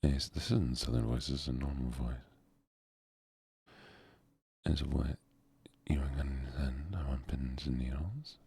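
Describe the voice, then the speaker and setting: Very deep gravelly soft-spoken man. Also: normal speed, dry recording. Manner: soft-spoken and goofy, joking with chat. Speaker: streamer. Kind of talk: soft-spoken gaming livestream chat.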